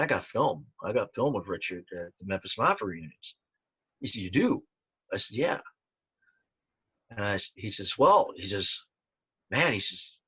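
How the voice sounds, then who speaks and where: Older guy rambling through stories, lots of uhs, lowish voice, kinda muffled recording. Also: bright, forceful tone, slightly rough, no echo. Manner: rambling, many fillers and restarts. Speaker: interview guest, tribute performer. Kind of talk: casual storytelling interview. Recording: dull lo-fi sound.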